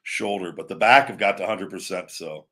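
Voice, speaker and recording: A man's voice: deep voice, normal speed, a bit bright. A man hosting a live show, talking casually in a rambling way with many restarts and asides to viewers. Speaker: show host. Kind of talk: casual live-stream chat.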